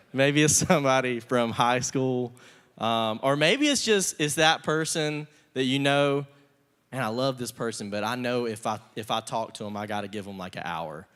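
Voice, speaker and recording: Casual, joking pastor in a hall. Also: male voice, mid-range voice, measured pace, a bit bright, clean tone. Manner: casual and conversational, with laughs and acted-out asides. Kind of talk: sermon. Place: church sanctuary. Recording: long reverb of a church hall.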